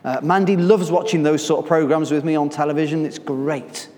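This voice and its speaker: A man preaching a sermon, moving between quiet, hushed phrases and sudden loud emphasis. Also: on the high side, fairly even intonation, brisk. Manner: dramatic shifts between soft and loud delivery. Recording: long reverb of a hall.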